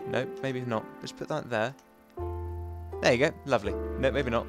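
A man hosting a video game let's play, chatting and rambling to himself and his viewers, switching between loud bursts and soft muttering. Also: medium pitch, lively intonation, brisk, pauses often, over music.

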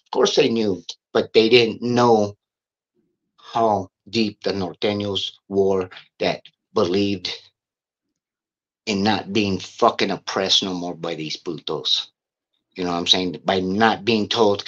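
A middle-aged man, a guest on an interview, telling rough stories in a casual, profane, streetwise way. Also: lowish voice, takes it slowly, a bit bright. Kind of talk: casual storytelling. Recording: dull lo-fi recording.

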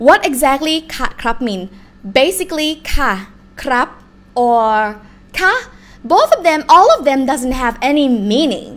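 A young woman with a Thai accent teaching a live-streamed language lesson, explaining slowly and repeating words in different tones. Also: sits high, very animated. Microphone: laptop or phone mic on a live stream.

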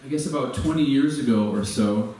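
A man's voice: medium pitch, fairly quick, warm tone. A man in his forties giving a storytelling talk to an audience, hesitant, with many fillers and restarts. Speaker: guest speaker. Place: venue with a live audience. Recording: echoey hall from far off, faint noise.

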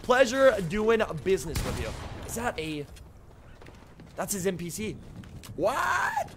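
Young guy streaming, high voice, hyped, shouts out chat, bit of faint noise behind. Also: slow pace, creaky. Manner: upbeat, greets chat by name, excitable outbursts. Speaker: game streamer. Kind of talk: casual live-stream chat while playing.

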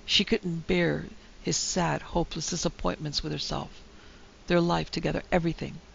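A woman narrating a classic ghost story in a measured, dramatic way. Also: low voice, flat delivery, vocal fry. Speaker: narrator and producer. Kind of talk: scripted horror story narration. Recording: dull lo-fi recording with faint hiss.

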